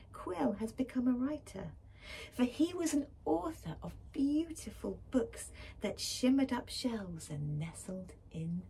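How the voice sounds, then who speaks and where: A woman reading a picture book aloud to schoolchildren, gentle and expressive, often dropping to a whisper. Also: mid-range voice, slight background noise. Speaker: school librarian reading to pupils.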